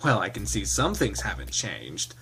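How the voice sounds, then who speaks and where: A man's voice: on the low side, huge pitch swings, moderate pace, creaky, pushed and bright, faint music behind, voice pushed down, heavily acted. A man voicing a prim, cheerful adult male lynx in a visual novel read aloud, primly upbeat and chiding. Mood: dignified.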